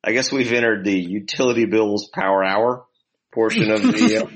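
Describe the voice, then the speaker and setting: Deadpan man with a low voice. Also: normal speed, husky. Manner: dry, deadpan jokes. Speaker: podcast co-host. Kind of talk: casual chat.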